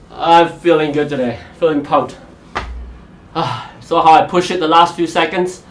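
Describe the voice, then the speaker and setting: A man's voice: fairly high pitch, unhurried, echoey room, slight background noise. A man hosting a live golf fitness show, talking energetically and motivating viewers through exercises. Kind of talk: live-streamed workout and golf tips.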